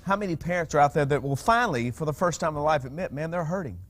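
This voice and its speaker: A man hosting a talk show, chatting in a casual, animated way with frequent restarts. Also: on the high side, quick pace, soft background music.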